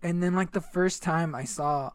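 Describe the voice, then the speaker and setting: A man's voice: a little high, moderate pace, smooth, dry recording. A young man in casual chat, laid-back and joking with plenty of swearing.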